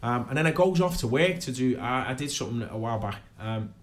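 Fast-talking and expressive, this Liverpool-area man speaks at a medium pitch. He's a guest in a casual chat, spinning rambling stories and frequently asking "do you know what I mean."

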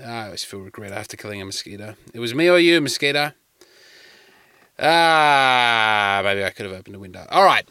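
A man with an Australian accent, a comedian hosting his podcast, telling rambling stories with wry, animated asides from inside a parked car. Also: fairly low pitch, very fast, hardly any pauses, no room sound. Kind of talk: casual comic storytelling. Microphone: podcast mic in a car.

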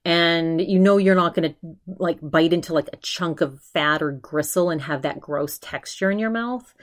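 A woman hosting her own podcast, talking in a loose, animated way with lots of restarts and fillers. Her voice sits a little low for a woman. She jumps into quick impressions of other people as she retells a story. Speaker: podcast host. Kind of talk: casual solo podcast chat.

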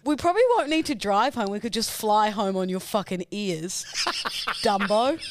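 A woman's voice: medium pitch, normal speed, no room sound. A young woman co-hosting a podcast, trading blunt, teasing banter full of swearing. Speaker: podcast co-host. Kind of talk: casual chat.

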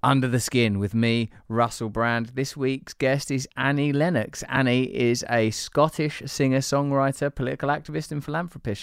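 A man's voice: medium pitch, gravelly, clean tone, dry recording, clean studio sound. A man hosting a podcast in casual chat, playful and teasing, rambling from thought to thought. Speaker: podcast host.

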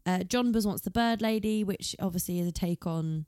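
A woman's voice: medium pitch, normal speed, mellow, dry recording, studio quality. A woman co-hosting a podcast, chatting casually through a recap and reading quotes from her notes. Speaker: podcast co-host.

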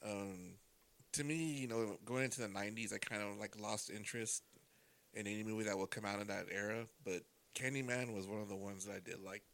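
A man's voice: lowish voice, fairly even intonation, a little fast, fairly bright tone. A man giving his easygoing opinion in a casual movie chat, talking plainly on a close podcast mic. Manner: easygoing, plain, many you-knows.

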